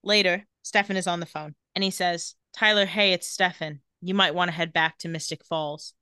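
Bright-voiced woman recapping a show. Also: fairly low pitch, normal speed, hardly any pauses, clear, resonant tone. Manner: animated retelling with quoted dialogue. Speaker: podcast co-host recapping a TV episode. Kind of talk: casual chat, retelling scenes.

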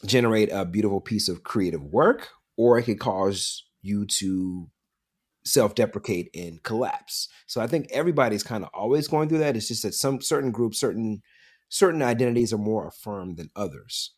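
A man's voice: on the low side, slightly rough. A man talking loosely in casual chat on a podcast, musing and swearing. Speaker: podcast co-host.

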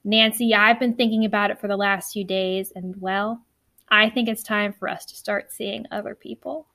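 A woman's voice: medium pitch, steady tone, normal speed, bright, forceful tone, dry recording. A woman reading out a resentful young college boyfriend's lines from a book, barely changing her own voice. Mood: resolved.

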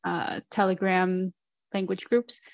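Gravelly woman chatting, dry sound. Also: lowish voice, level tone, slow, dry recording, dull audio. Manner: chatty, uses "like" a lot, laughs easily. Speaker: podcast host. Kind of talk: casual chat.

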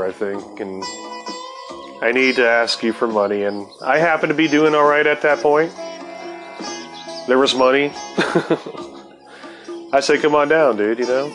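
A man telling a rambling personal story in a laid-back, profane way, full of fillers and restarts, and high while he talks. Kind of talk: casual storytelling.

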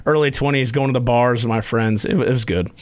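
A man telling a story on a podcast, animated and acting out the moments. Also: mid-range voice, fairly quick. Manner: animated storyteller, acts out quotes. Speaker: podcast regular. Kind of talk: casual storytelling.

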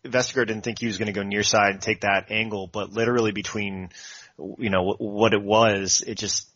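A man co-hosting a casual football podcast, breaking down plays in a measured way with fillers. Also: on the low side, little pitch movement, fairly bright tone, no room sound. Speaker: podcast co-host. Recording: dull lo-fi podcast audio.

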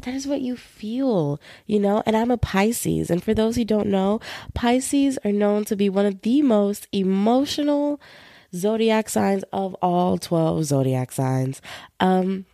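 A woman's voice: medium pitch, slow, no echo, studio quality. A young woman hosting her own podcast, talking casually and playfully while feeling a bit unwell. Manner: chatty, playful, animated with voices for roommates. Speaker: podcast host. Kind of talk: casual solo podcast chat.

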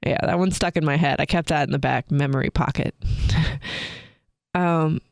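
A young woman, co-host of a podcast, telling a personal story candidly with many filler words and soft laughs. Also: low-pitched, normal speed, gravelly, pauses often, no echo.

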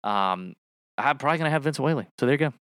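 Expressive and fast, a mid-range male voice with a fairly bright tone co-hosts a podcast about fantasy sports. He's casual and joking, rambling and self-correcting as he goes, in a dry, studio-quality recording.

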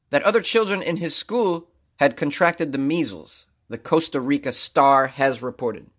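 A man hosting a comedic news talk show, mocking stories with loud rants and frequent laughter. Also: medium pitch. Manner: ranting, mocking, rising to loud outbursts; laughs often while talking. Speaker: podcast host reading news.

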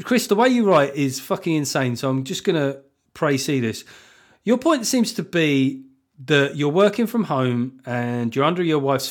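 Blunt, sweary podcast host. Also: male voice, mid-range voice. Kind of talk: comic solo podcast monologue.

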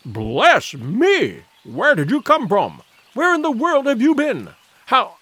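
A man voicing a flustered, nearsighted elderly male scholar who cries out in shrill, fussy, panicky bursts. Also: big pitch swings, normal speed, fairly bright tone, slightly rough, no room sound, exaggerated voice. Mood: astonished.

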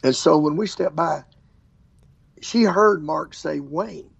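A man's voice: a little high, slow pace, gravelly, breathy edge, dry recording, dull audio. An older man, an evangelist telling stories in a casual interview and acting out what people said. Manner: animated storyteller, acts out quotes. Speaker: traveling evangelist preacher.

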